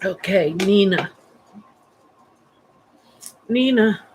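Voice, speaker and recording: A woman's voice: mid-range voice, extremely slow, darkish tone, slight background noise, low-quality recording. A woman giving a psychic reading on a livestream, rambling and chatty with many fillers and restarts, sleepy and yawning. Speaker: psychic medium.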